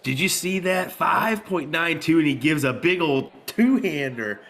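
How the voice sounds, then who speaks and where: A man's voice: a little high, animated, measured pace, fairly bright tone. Laid-back male darts co-commentator. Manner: laid-back, reads viewer chat. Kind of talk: live sports commentary.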